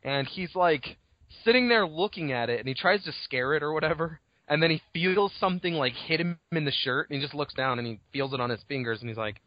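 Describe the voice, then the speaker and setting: A man's voice: a little high, lively intonation, brisk, no room sound. A man co-hosting a podcast, chatting casually about a book and acting out its scenes with freely dropped swear words. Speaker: podcast co-host. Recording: dull lo-fi podcast audio.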